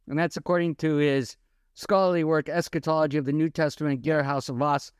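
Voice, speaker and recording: Animated man co-hosting a Bible podcast. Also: a little high, brisk, smooth, no room sound, clean studio sound. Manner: animated, fires rhetorical questions. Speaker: podcast co-host. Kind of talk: Bible-teaching podcast talk.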